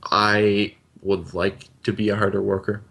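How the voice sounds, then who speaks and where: Earnest young man with a very low voice. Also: flat delivery, a little slow, creaky, pushed and bright. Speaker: co-host. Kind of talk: casual chat.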